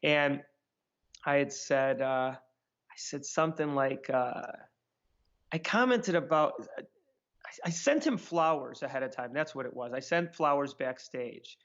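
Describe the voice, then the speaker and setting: A man's voice: mid-range voice, a little slow, long pauses. Chatty man with lo-fi sound. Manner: sarcastic, animated anecdotes with fillers. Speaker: magician guest. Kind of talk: casual interview storytelling.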